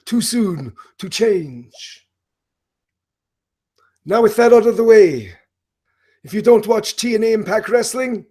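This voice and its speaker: A man doing a comedic impression of an eccentric, grandiose male wrestler persona that swings between bombastic proclamations and hushed whispers. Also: high voice, pitched above the performer's own voice. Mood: proclaiming.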